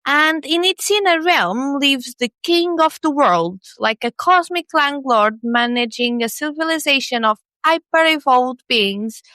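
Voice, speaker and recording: Slow, wry higher-voiced woman storyteller. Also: expressive, bright, forceful tone, no room sound. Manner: wry, storytelling delivery with sarcastic asides. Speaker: podcast co-host. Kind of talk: scripted comedic narration.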